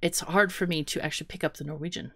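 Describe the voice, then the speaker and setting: A woman's voice: deep voice, fairly even intonation, quick pace, pushed and bright. A woman hosting a podcast in casual chat, playful and chatty, laughing often. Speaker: podcast host.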